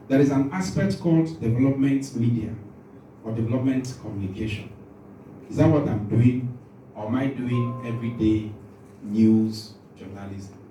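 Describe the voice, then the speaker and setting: A man's voice: mid-range voice, warm tone, a little hiss or hum. A man leading a training workshop, quizzing the room and joking, a little nervous, his voice shaking. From Nigeria. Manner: asks the room questions, jokes, self-interrupting. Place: large conference room. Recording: echoey room from far off.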